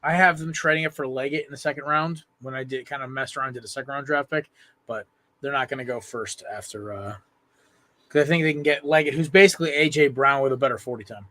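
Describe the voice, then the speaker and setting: A young man hosting a casual sports podcast, upbeat and quick, laughing often. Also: medium pitch, bright, forceful tone. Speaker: podcast host running a mock draft.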